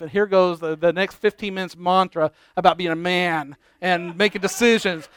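Brief: middle-aged male pastor, high smooth voice, dry close sound, animated storytelling sermon. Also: brisk, no echo. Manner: animated, exasperated storytelling with quoted dialogue.

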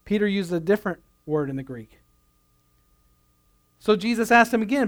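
A man's voice: high voice, animated, normal speed, long pauses. A man preaching a sermon, earnest, repeating key phrases for emphasis. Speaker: pastor.

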